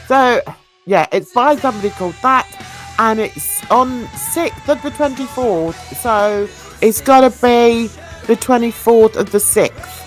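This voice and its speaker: A woman hosting a true crime channel, reading viewer comments aloud in a casual, self-mocking way, stumbling over words and laughing at herself. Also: fairly high pitch.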